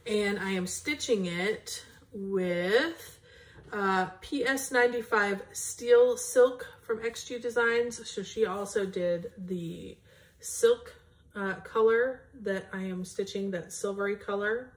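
A woman's voice: mid-range voice, slow pace. A woman hosting a cross-stitch video, chatting casually to viewers as she shows her projects. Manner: chatty, rambling, talks straight to viewers. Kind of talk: casual show-and-tell chat.

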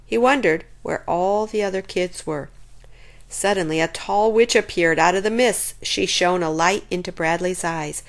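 A woman reading a children's chapter book aloud in an expressive, lively way. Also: lowish voice, normal speed. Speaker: storyteller.

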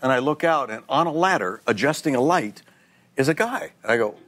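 A man in his sixties, a guest on a TV talk show, telling stories in a lively, animated way and putting on other people's voices. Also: mid-range voice, brisk. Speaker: guest actor. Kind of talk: casual anecdotal chat.

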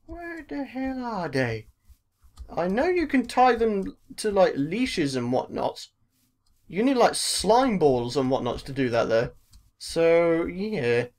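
A jumpy, excitable man with a British accent commentating his own gameplay. He talks to himself, loops the same words again and again, and lets out mild swears. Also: very high-pitched. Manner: excitable, repeats phrases over and over. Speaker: gaming video host. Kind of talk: let's play commentary.

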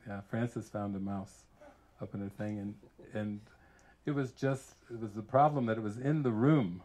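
An American man, a spiritual teacher, giving an informal retreat talk full of lively personal stories, laughing often and acting out what others said. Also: lowish voice, normal speed. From United States. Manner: animated storyteller who laughs often and acts out quotes.

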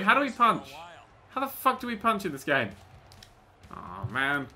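A man commentating on a video game he is playing, excitable and sweary with jokey exclamations. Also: high-pitched, a little slow, pauses often. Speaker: gaming YouTuber. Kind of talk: let's-play commentary. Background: faint game music.

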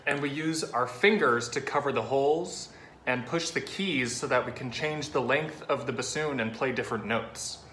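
A man, a bassoonist, explaining to children in simple, patient words how his instrument is played. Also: normal speed, sharp tone. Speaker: orchestra bassoonist. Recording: roomy echo, faint noise.

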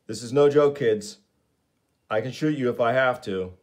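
A man's voice: fairly low pitch, normal speed, darkish tone, natural voice. A man voicing a hard, blunt male government agent who threatens force in a comic read-aloud. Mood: threatening.

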